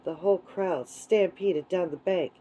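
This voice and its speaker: A woman reading a children's book aloud in a gentle, unhurried way. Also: on the low side, slight background noise, low-quality recording. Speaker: storyteller.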